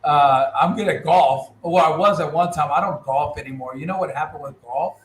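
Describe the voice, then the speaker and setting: A Californian man in a candidate interview talks bluntly and with conviction. His voice sits fairly high. The room around him is echoey, with faint noise behind. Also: normal speed, fairly bright tone. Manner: blunt, impassioned, emphatic. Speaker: political candidate.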